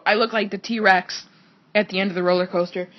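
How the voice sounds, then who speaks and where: A woman's voice: mid-range voice, steady tone, a little fast, lo-fi sound, heavy background noise. A woman telling a rambling story to camera in a casual vlog, swearing often and filling her talk with "like". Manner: rambling, swears a lot, constant "like". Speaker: vlogger.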